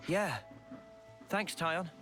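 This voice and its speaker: An earnest young soldier hero talks in a video game. His voice sits fairly high. Loud game music nearly covers him. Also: extremely slow. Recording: game audio under commentary.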